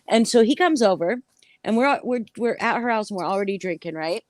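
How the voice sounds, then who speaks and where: A woman telling a crude anecdote in casual chat, animated, swearing and full of fillers. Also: mid-range voice, a little fast, no echo. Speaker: storyteller.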